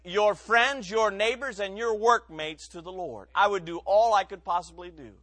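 A man preaching a sermon, telling his own testimony in an earnest, emotional way that rises into loud emphasis and drops to near quiet. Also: sits high, normal speed, hardly any pauses, dry recording. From Ohio.

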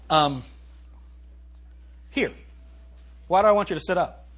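A man preaching a sermon as pastor in a church, animated and swinging from loud to hushed, reading scripture slowly and emphatically. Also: high-pitched. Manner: reads scripture in a slow, emphatic cadence. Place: church sanctuary.

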